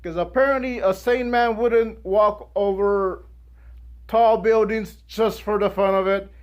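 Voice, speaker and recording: A young man giving a guest speech, telling a personal story in an animated way and acting out the people in it. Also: high-pitched, unhurried. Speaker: guest speaker.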